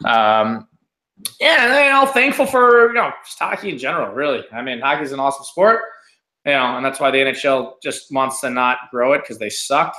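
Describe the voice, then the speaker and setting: A young man co-hosting a hockey podcast, chatting casually with animated, sarcastic rants. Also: mid-range voice, a little fast. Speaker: podcast co-host. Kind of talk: casual chat.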